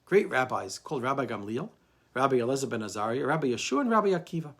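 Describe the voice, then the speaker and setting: Male rabbi teacher, husky voice, lively storytelling delivery. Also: medium pitch, quick pace. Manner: animated storyteller, frequent "I mean". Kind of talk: storytelling Torah lesson.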